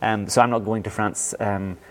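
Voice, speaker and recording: A man's voice: fairly low pitch, fairly even intonation, moderate pace. A man in his forties with a Northern Irish accent, a pastor answering interview questions earnestly, with frequent fillers and restarts. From Northern Ireland. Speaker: pastor and church planting leader.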